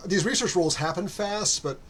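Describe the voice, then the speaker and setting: A man's voice: high voice, normal speed, fairly bright tone, slight background noise. A man narrating as game master, rambling with many fillers and restarts.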